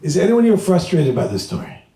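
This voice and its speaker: A male rabbi telling a humorous story to a live audience, acting out the dialogue with lively energy. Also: a little high, fairly quick. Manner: animated, humorous, acts out dialogue. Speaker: rabbi, speaker. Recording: echoey room.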